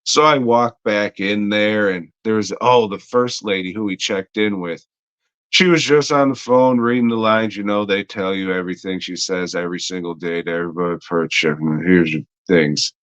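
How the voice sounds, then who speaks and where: A man's voice: on the low side, steady tone, normal speed, fairly bright tone, clean tone, no echo, highs cut off. A man co-hosting a podcast, telling a story in a rambling, heavily profane way with lots of fillers. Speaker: podcast co-host. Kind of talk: casual storytelling chat.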